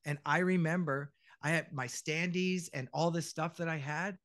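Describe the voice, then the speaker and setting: Middle-aged guy, voice actor on a podcast, kinda high voice, acts out all the quotes, swears a lot, dry close sound. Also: fairly quick, hardly any pauses, no echo. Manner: animated storyteller, acts out quotes, swears freely. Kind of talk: casual podcast chat.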